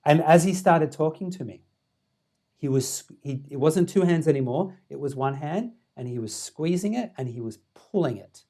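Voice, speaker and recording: Animated man telling a story. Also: fairly high pitch, moderate pace. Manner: animated, many fillers and restarts, laughing often. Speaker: podcast guest, meditation teacher. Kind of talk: storytelling in a podcast interview.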